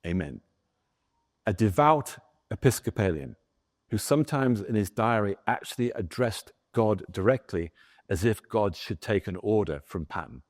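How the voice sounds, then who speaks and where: A man giving a lively historical lecture as a guest author, telling a story and talking with the audience in the room. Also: fairly low pitch, moderate pace. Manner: animated storyteller, chatting with the audience.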